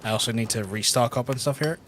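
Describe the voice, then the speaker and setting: A man's voice: medium pitch, fast, noisy background. A young man commentating his own gameplay live, sweary and blunt, ranting between fights. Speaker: gaming streamer. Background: game music.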